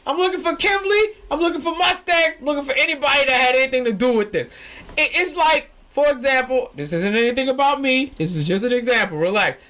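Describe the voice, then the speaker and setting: A young man, co-hosting a casual chat that swings from low musing to shouting, laughing excitement. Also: fast. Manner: excitable, shouts and laughs when hyped, slangy. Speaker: podcast co-host.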